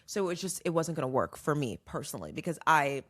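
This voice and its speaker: A young woman hosting a podcast, giving casual dating advice in an animated, emphatic way and repeating points for effect. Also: low voice, fast. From New York. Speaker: podcast host.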